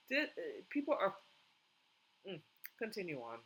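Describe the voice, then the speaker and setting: A woman's voice: medium pitch, lively intonation, moderate pace, pushed and bright, rough recording. Indignant woman ranting to camera. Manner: indignant, emphatic, repeats herself. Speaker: commentary vlogger. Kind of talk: opinionated reaction commentary.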